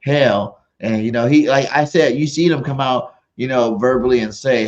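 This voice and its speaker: A man's voice: mid-range voice, fairly even intonation, normal speed, a little mellow, highs cut off. A man co-hosting a casual sports podcast, blunt and profane, often mocking coaches by mimicking them. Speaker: podcast co-host.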